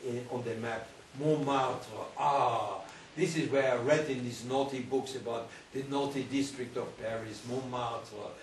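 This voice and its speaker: An older man with a German accent, telling his life story to school pupils in an animated way, repeating and restarting phrases. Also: medium pitch, slight background noise. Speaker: Holocaust survivor speaker. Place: school hall. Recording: echoey hall, recorded from far off.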